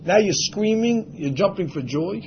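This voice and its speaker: A man's voice: sits high, expressive, measured pace, dull audio, soft background music. A man teaching a religious class, speaking emphatically and acting out the voices of imagined people. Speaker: Torah teacher.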